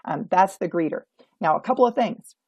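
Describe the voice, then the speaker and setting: A woman's voice: fairly low pitch, animated, brisk, a little mellow, breathy edge, dry recording, muffled recording. A woman, an auction consultant, giving emphatic coaching tips in an instructional video. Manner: emphatic, coaching tone, acts out example dialogue.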